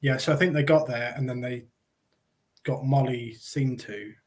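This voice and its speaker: A man's voice: medium pitch, moderate pace. A man in casual chat, hesitantly filling in details with ums and restarts. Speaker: podcast co-host.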